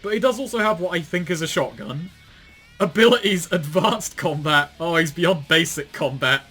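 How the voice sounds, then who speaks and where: Sardonic higher-voiced man mocking a wiki. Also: moderate pace, bright, forceful tone, husky, faint music behind. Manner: sardonic, swears and laughs often. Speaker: commentary co-host. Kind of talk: casual reading and mocking commentary.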